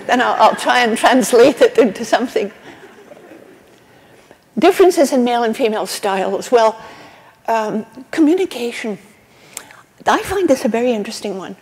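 A woman's voice: a little high, animated, moderate pace, pauses often, a little mellow. An older woman with a Scottish accent giving an earnest conference keynote lecture, with asides and restarts. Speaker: keynote speaker. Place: conference hall. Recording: long reverb of a conference hall.

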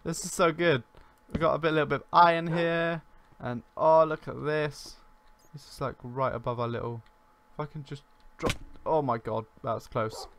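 A man hosting a casual let's-play, talking in a chatty, rambling way on a boom-arm desk mic at home. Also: fairly even intonation, normal speed, fairly bright tone, a little hiss or hum. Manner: chatty and rambling, with many "like" fillers. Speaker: gaming channel host.

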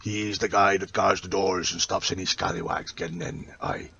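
A boastful pirate captain, as a man puts him on for a game tour, all hammy bluster and growled ayes. His sits on a low, gravelly voice. He sounds pleased with himself and loud in his jolly swagger. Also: steady tone, normal speed, muffled recording, slight background noise, heavily acted. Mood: jovial.

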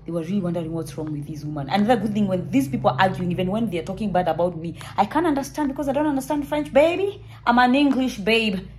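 A woman's voice: medium pitch, expressive, fast talker, hardly any pauses, slight background noise. A young woman from Kenya with a Kenyan accent, telling a travel story to camera in a playful, joking, dramatic way. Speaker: travel vlogger.

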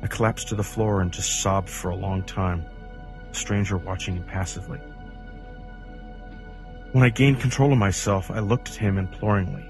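Low-voiced man reading a horror story. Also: moderate pace, faint music behind. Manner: intense, swings from hushed to near-shouting. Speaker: creepypasta narrator.

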